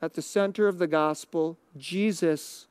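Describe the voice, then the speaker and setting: Guy preaching a laid-back sermon, high voice, laughs a lot, super dry sound. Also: steady tone, a little slow, smooth, no echo. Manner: conversational, chuckling often, drops to a hush on key lines. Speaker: pastor.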